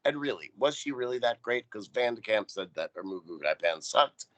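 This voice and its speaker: A man's voice: lowish voice, lively intonation, a little fast, no room sound. A man co-hosting a podcast, giving a wry, profane play-by-play recap of a TV episode. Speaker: podcast co-host. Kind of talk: casual recap chat.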